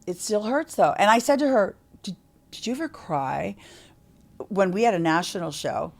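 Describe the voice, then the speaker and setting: A woman's voice: mid-range voice, moderate pace, gravelly. A middle-aged woman from Canada, a podcast guest telling candid stories in a chatty way and swearing freely. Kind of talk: candid interview storytelling.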